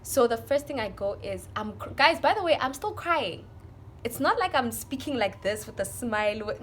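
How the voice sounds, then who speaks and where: A young woman with a South African accent tells a storytime vlog to her viewers in an emotional, animated way. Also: on the high side, normal speed, husky. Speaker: vlogger.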